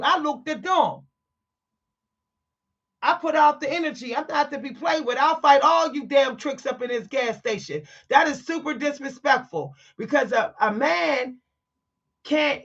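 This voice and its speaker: A woman vlogger tells her viewers a story in a candid monologue, blunt, emphatic, and preachy, leaning hard on her words. Her voice is high-pitched and somewhat bright, and the sound is lo-fi.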